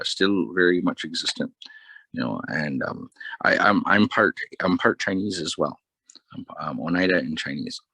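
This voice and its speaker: A man telling personal stories in a relaxed, humorous way, often laughing at his own anecdotes. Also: low-pitched, gravelly, breathy edge, no room sound, rough recording. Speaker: speaker sharing personal experience. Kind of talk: personal storytelling talk.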